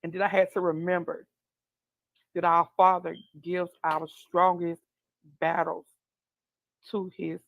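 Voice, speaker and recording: A woman guest sharing an emotional personal testimony, tearful and earnest, speaking slowly. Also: on the low side, little pitch movement, vocal fry, no room sound, lo-fi sound. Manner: tearful, heartfelt, slow and earnest.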